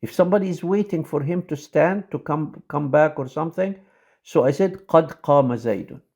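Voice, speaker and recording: Halting male lecturer with many fillers. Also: a little high, dark tone, highs cut off. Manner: says example sentences quickly. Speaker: teacher.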